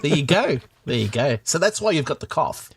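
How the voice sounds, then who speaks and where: Jokey Australian man, bright lively voice. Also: fairly high pitch, fairly quick, gravelly, slightly rough. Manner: jokey, rambling, crude slang, many restarts. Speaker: podcast guest. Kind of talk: casual chat.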